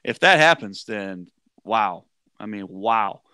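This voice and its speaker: A man co-hosting a casual sports podcast, who laughs often and stumbles over his words when excited. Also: fairly low pitch, slow pace, smooth, dry recording, studio quality. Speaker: podcast co-host.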